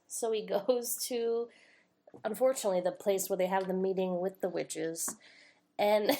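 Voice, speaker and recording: A woman's voice: mid-range voice, slight background noise. Giggly woman recapping a movie. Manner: giggly, animated storytelling with acted quotes. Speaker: podcast co-host. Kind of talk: casual movie recap chat.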